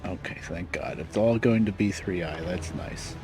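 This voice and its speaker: A man's voice: deep voice, moderate pace, music in the background. A man with a lisp, casually rambling as he streams a game and mutters to himself. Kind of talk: casual live-stream commentary while playing.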